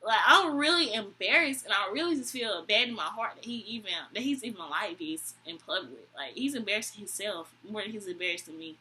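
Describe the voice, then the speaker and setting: A young woman vlogger telling a story in an animated, exasperated way, swearing often. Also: medium pitch, brisk, hardly any pauses. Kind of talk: storytime vlog.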